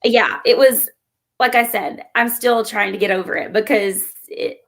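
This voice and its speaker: A woman guest chats casually on a live stream, her voice a little high. She giggles often and fills her pauses with plenty of ums. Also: vocal fry. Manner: giggly, chatty, with many ums.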